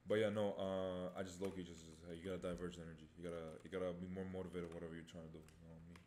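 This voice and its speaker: A young man chatting loosely with his stream chat in a low, mellow voice, often repeating himself and swearing offhand. The room sounds roomy, with faint noise and keyboard clicks in the background. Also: flat delivery, very fast. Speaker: livestreamer. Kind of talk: casual live-stream chat.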